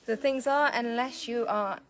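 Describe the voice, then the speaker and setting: A woman's voice: a little high, normal speed, a bit bright. A woman, a dance teacher, chatting casually outdoors on a live stream and laughing often.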